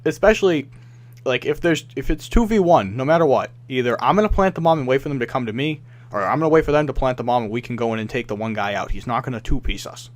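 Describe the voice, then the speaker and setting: A young man on a casual gaming podcast, worked up and venting. He swears freely and slips into mocking impressions of people who annoyed him. His voice sits in an ordinary middle pitch. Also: expressive, fast talker. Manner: frustrated, ranting, swears a lot, mimics others. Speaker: podcast co-host.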